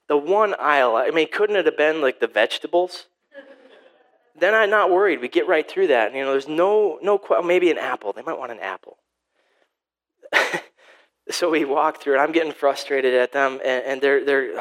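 A man's voice: medium pitch, moderate pace, fairly bright tone, rough recording. Rambling pastor preaching, a man. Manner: rambling, repeats words, self-interrupting storytelling. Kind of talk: sermon.

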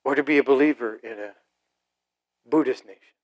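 A middle-aged man preaching a sermon to a congregation, animated, acting out short mocking voices and asides. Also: medium pitch, fairly quick, lo-fi sound. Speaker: pastor.

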